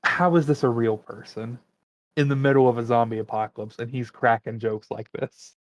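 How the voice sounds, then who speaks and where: A man's voice: medium pitch, steady tone, moderate pace, no room sound, poor audio. A man co-hosting a podcast, talking casually and rambling as he looks things up mid-conversation. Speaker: podcast co-host. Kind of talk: casual chat.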